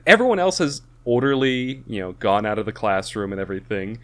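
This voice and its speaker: A man chatting casually about a movie he watched with friends, retelling scenes with animated acted-out lines. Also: medium pitch, fairly quick, hardly any pauses. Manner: animated retelling, acts out characters. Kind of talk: casual movie review chat.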